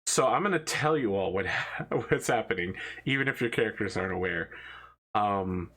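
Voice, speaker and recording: A man's voice: on the low side, animated, moderate pace, fairly bright tone. A man narrating a tabletop game as its game master, casual and amused, breaking into laughs as he describes the scene. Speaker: dungeon master.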